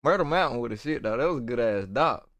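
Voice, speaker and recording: A man's voice: mid-range voice, lively intonation, quick pace, fairly bright tone, dry recording. Profane rambling man, dry sound. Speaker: streamer reacting to a video. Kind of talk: casual reaction commentary.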